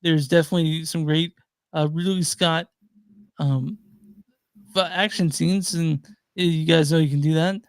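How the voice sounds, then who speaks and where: A man's voice: on the high side, fairly even intonation, measured pace, long pauses, no echo. A man co-hosting a movie review podcast, talking in loose, rambling casual chat full of fillers. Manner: rambling, hesitant, many fillers and restarts.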